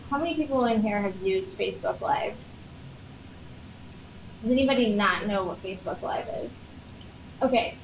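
Woman with a small squeaky voice presenting. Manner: clear, explanatory, checks in with audience. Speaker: public health digital lead, presenter. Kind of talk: workshop presentation. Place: meeting room. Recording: muffled, roomy, noisy.

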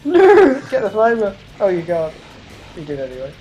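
Lively woman gaming. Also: on the low side, fairly quick, lo-fi sound, slight background noise. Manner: exclaiming, laughing, mild cursing. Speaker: let's play host. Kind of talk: casual co-op gameplay chat.

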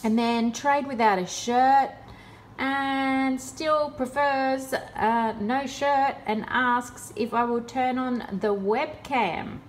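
A woman's voice: sits high, fairly even intonation, slow, a little hiss or hum. A woman in a casual vlog, talking in a sarcastic, exasperated way. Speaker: vlogger.

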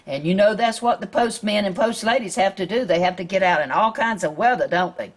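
A woman with a Southern US accent reads a picture book aloud to children, gently stopping to ask her listeners questions. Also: medium pitch, brisk, hardly any pauses. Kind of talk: storybook read-aloud.

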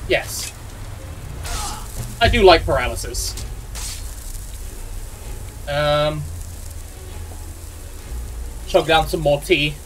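A man's voice: fairly high pitch, extremely slow, pauses often, fairly bright tone, recorded from a distance, soft background music. A man doing casual, joking let's play commentary as a game host. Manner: joking, chatty, playful. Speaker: gaming host.

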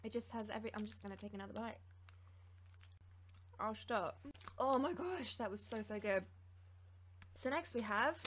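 A woman hosting a casual taste-test vlog, bubbly and excitable, gasping and giggling. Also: fairly high pitch, moderate pace, long pauses, slight background noise. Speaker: YouTuber.

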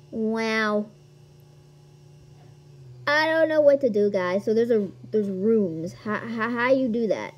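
A woman giving casual gameplay commentary as a video host, excitable and quick to gasp at new things. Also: on the high side. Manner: excitable, gasps and squeals at discoveries.

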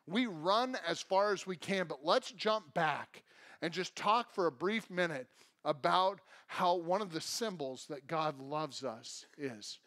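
A man's voice: a little high, lively intonation, unhurried, a bit bright. A man preaching a sermon as a pastor, telling stories and acting out the voices of people in them. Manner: storytelling, acts out quoted voices. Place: church sanctuary.

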